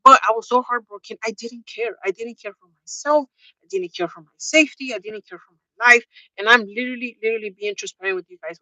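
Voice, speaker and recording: A woman's voice: medium pitch, bright, forceful tone, dry recording, rough recording. A young woman vlogging a candid personal storytime, chatty and open, spelling out swear words. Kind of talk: casual storytime.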